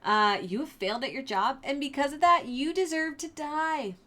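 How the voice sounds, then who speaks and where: A cocky young man with casual slang and a mocking edge, put on by a woman retelling a story. He bursts out loudly, and his pitch leaps up and down. The voice sits at a middle height. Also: very animated, normal speed. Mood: taunting.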